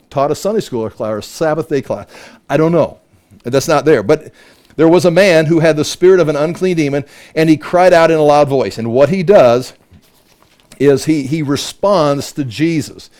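A man's voice: fairly high pitch, normal speed, a little mellow. A man leading a Bible study, conversational and full of rhetorical questions. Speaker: Bible teacher.

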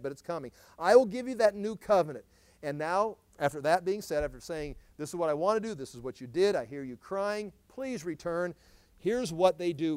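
High-voiced man teaching a sermon. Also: darkish tone, dry recording. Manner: reads scripture with rising emphasis, then explains in a lower, conversational tone. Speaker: pastor. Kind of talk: verse-by-verse Bible teaching.

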